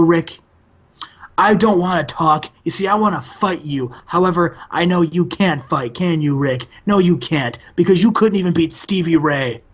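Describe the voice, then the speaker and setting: A man's voice: on the high side, a bit bright, dull audio. A man voicing an arrogant, cheating male wrestler who taunts his boss in sneering trash talk.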